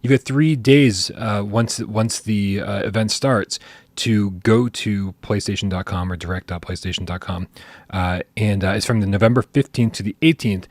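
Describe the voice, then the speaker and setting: A man with a fairly low voice hosts a live gaming chat show, teasing his co-hosts and rambling through restarts. His voice is recorded close and dry, with no room sound. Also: fairly even intonation, normal speed, dry recording. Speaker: podcast host. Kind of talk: casual livestream chat.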